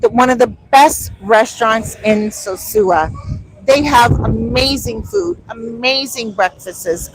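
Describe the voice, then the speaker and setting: A woman's voice: a little high, slight background noise, poor audio. A woman vlogging in casual chat outdoors on a street, recorded on a phone, telling stories animatedly and acting out the back-and-forth. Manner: animated storytelling, acting out quoted exchanges.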